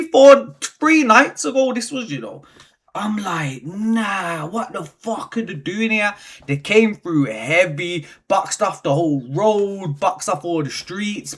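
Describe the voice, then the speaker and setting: A man telling a story in a casual vlog, animated and slangy, swearing freely. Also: high voice, slightly rough. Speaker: vlogger.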